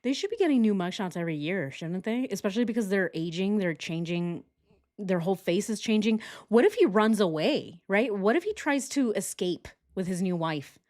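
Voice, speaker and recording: A woman's voice: mid-range voice, animated, moderate pace, a little mellow. A young woman hosting a casual true crime stream, sarcastic and giggly, talking to her chat as she reacts. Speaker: true crime livestream host.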